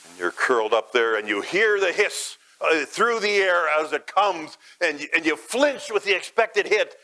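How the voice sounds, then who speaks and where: A man preaching a sermon as guided imagery, dramatic, swelling loud and high, then dropping soft and low. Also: animated, normal speed, rough recording.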